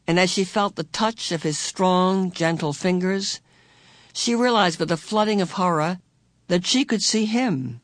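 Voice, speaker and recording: An audiobook narrator with a mid-range voice reads a novel as scripted narration, measured yet expressive in storytelling style. The audio is clean studio sound with no room sound.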